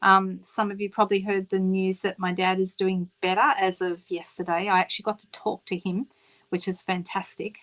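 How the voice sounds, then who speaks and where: A woman's voice: mid-range voice, level tone, moderate pace, fairly bright tone, low-quality recording. Chatty Australian woman hosting a craft livestream. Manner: chatty, talks to viewers by name, lots of ums. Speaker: papercraft demonstrator and host. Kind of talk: casual livestream chat.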